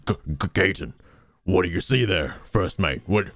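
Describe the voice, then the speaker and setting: A man's voice: deep voice, animated, moderate pace, fairly bright tone, no echo, clean studio sound, heavily acted. Commanding ship captain over an intercom, played by a male reader. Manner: commanding, clipped.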